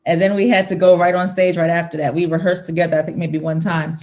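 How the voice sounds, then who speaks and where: A woman's voice: lowish voice, flat delivery, fast talker, darkish tone. A woman in her thirties, a singer talking as an interview guest, reminiscing casually, laughing often and restarting her sentences.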